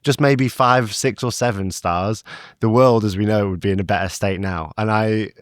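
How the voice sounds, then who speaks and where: A man's voice: fairly low pitch, moderate pace, no room sound. A man co-hosting a travel podcast, teasing his co-host with dry, sarcastic jokes. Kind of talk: casual podcast banter.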